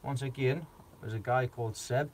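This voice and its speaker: A man's voice: mid-range voice, normal speed, a little mellow, a little hiss or hum. A man chatting on a gardening live stream, rambling with lots of fillers and frequent giggles. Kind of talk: casual live stream chat.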